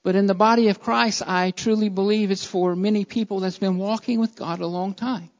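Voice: medium pitch, steady tone, a little fast, long reverb tail. Impassioned preacher on a dull recording. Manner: builds to loud, impassioned repetition, then drops quiet and earnest. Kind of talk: sermon.

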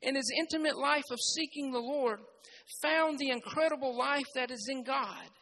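High-pitched preacher giving a sermon, keeps repeating phrases, gets loud and emphatic. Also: moderate pace, a little hiss or hum, rough recording.

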